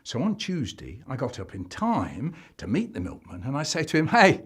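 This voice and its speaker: A man's voice: mid-range voice, huge pitch swings, normal speed, husky. A man telling comic stories in a playful, exaggerated way. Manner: exaggerated, playful, does funny voices. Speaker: storyteller. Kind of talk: animated comic storytelling, remixed clips.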